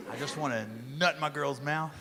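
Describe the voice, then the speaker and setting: A middle-aged man doing a stand-up comedy set, loud and profane, with shouted punchlines. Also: fairly high pitch. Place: comedy stage before a live audience. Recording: loud crowd and noise of a live club show. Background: audience laughter.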